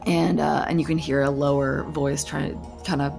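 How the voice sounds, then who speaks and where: A woman's voice: sits low, flat delivery, moderate pace, vocal fry, darkish tone, soft background music. A woman narrating a tabletop game as game master in a hesitant way, full of fillers.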